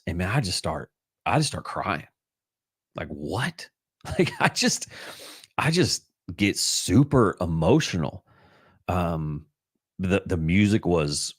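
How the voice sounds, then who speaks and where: Deep-voiced earnest man hosting a livestream. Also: dry recording, studio quality. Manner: emotional, earnest, rambling with many restarts. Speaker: livestream host. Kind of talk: casual devotional livestream talk. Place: home livestream. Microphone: computer livestream mic.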